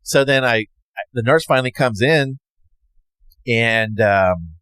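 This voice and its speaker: A man's voice: mid-range voice, takes it slowly, clean tone, dry recording. A man casually telling a personal story, rambling and acting out what others said. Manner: rambling, animated, acts out others' lines. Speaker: podcast host.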